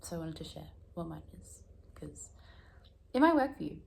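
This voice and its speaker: Low gravelly woman chatting casually. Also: big pitch swings, moderate pace, darkish tone, slight background noise. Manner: rambling, self-deprecating, laughs often. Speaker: vlogger. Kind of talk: casual reflective vlog chat. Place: room at home.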